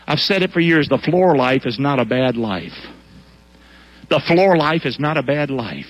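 A male pastor preaching a lively sermon in a church, colloquial and fiery, calling on the congregation to repeat after him. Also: medium pitch, unhurried.

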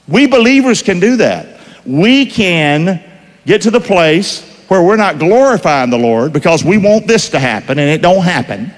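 A man preaching a sermon, emphatic, with call-and-response questions to the congregation. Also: high voice. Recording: long hall reverb.

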